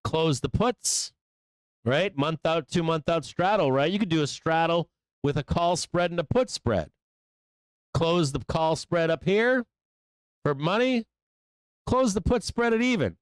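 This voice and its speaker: Brash trading host, smooth and dry, rambling, swears freely. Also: male voice, a little high, a little slow, no room sound. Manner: blunt, profane, rambling. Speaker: live trading show host. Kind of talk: live market commentary.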